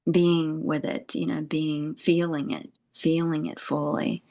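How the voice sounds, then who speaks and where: A woman speaks as a spiritual teacher in a meditative talk, her voice low and her delivery slow. She meanders gently, leaning on "you know" and "like" and breaking into soft laughs. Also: level tone.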